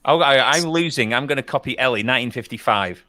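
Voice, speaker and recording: A man's voice: medium pitch, quick pace, pushed and bright. A man playing a quiz, joking and confident in his guesses. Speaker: quiz contestant. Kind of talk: casual chat.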